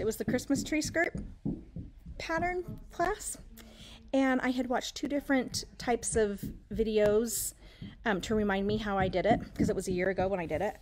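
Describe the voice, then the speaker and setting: A woman quilting instructor co-hosting a casual live stream, animated and poking fun at herself. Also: on the high side, a little hiss or hum. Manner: animated, self-mocking, reacting with interjections.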